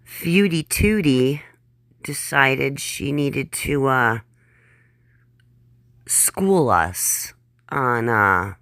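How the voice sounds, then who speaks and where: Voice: medium pitch, lively intonation, extremely slow, pauses often, fairly bright tone, dry recording, clean studio sound. A reaction channel host giving blunt, sarcastic and profane commentary on a clip.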